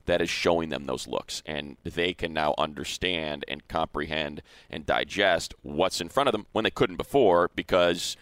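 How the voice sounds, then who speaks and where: A man's voice: rumbling low, normal speed, few pauses, no echo. A man co-hosting a sports show, arguing points emphatically in casual debate. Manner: emphatic, animated, repeats words when heated.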